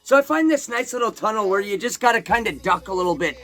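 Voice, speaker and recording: Brief: male storyteller, fairly high voice, crude and animated, swears a lot, faint music underneath. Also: fast. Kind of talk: profane personal storytelling.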